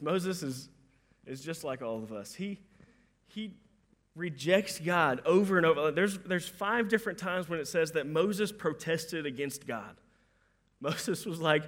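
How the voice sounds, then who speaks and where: High-pitched male preacher, chatty and animated, acts out quotes, stumbles into his sentences. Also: a little slow. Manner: conversational, animated, acts out quoted voices, repeats words when starting sentences. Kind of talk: sermon.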